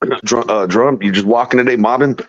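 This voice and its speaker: A man's voice: medium pitch, fairly quick, over a noisy crowd. A man joking around on a live-stream call, teasing and swearing, with frequent laughs. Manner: teasing, profane, laughs a lot. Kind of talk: casual live-stream chat. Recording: muffled call audio.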